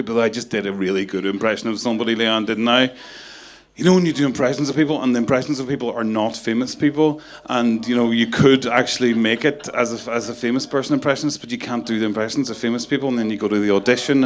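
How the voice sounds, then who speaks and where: A man with a Northern Irish accent doing stand-up, loudly bantering and joking with the crowd. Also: mid-range voice, fast. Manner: loud, bantering, often shouting to the crowd. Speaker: stand-up comedian. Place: live comedy venue.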